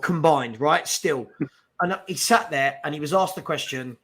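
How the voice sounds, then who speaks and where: Fan-stream host, male, somewhat high voice, casual and fed up, swears freely. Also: a little slow, fairly bright tone, husky. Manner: exasperated, swearing, chatty with viewers. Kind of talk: casual live football chat.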